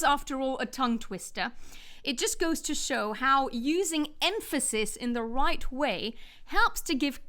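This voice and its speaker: A woman teaching English pronunciation in a scripted lesson, stressing words deliberately to demonstrate. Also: sits high, bright, forceful tone.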